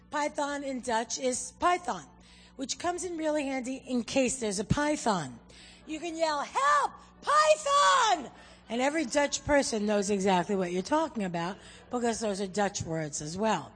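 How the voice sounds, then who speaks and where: Animated American missionary woman addressing a congregation; higher voice with a long hall echo. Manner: animated, joking, addresses the audience directly. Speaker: missionary speaking at a church. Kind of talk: humorous church talk with a language lesson. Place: church hall. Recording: reverberant hall with faint music.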